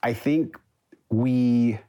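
A man's voice: medium pitch, drawn-out words, mellow, clean tone. A man who coaches breathwork, speaking as a guest in an earnest, reflective way. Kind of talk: casual conversation.

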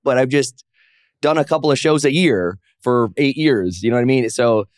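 A professional wrestler and comic appears as a guest in a casual interview, animatedly telling stories and jumping into raised voices to act out what others said. His voice is mid-range at a normal speed, recorded dry in studio quality.

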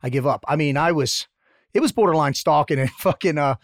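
A man co-hosting a casual interview podcast, with a slightly raised pitch. He jokes, swears now and then and talks with animation. The sound is dry and close. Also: brisk, no echo. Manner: joking, profane, animated. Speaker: podcast co-host.

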